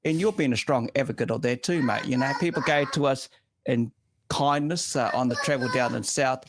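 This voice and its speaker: A man's voice: medium pitch, brisk, noisy background. A man hosting a casual motorsport chat show, speaking in long, emphatic, opinionated runs. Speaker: show host.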